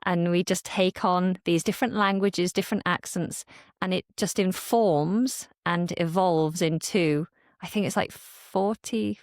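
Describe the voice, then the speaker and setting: A woman from Britain talks as a guest on a podcast, her voice on the lower side and recorded dry and close. She explains with animated energy and acts out people's reactions. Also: measured pace, no echo. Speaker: English teacher and guest. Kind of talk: podcast conversation. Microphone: studio podcast mic.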